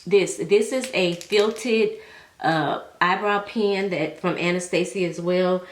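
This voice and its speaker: A young woman with a low-leaning voice talks to her viewers while she does her makeup. She is chatty and heartfelt and drops into relaxed slang, and her voice rings off the walls of an echoey room at home. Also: slow pace. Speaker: beauty vlogger. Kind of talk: casual chat while doing makeup.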